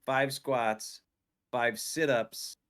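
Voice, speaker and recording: A man hosts a casual chat on his stream and acts out his own reactions as he tells stories. His voice is bright and forward, and smooth and clear. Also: medium pitch, steady tone, very slow. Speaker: streamer host.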